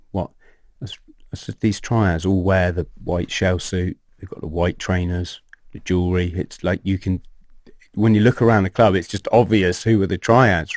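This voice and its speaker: A man in his fifties tells a tale as a podcast guest. His voice sits low, and the sound is dry and close. He acts out what others said and swears without a second thought. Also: no room sound. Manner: animated, acts out quoted dialogue, swears casually. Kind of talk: storytelling in an interview.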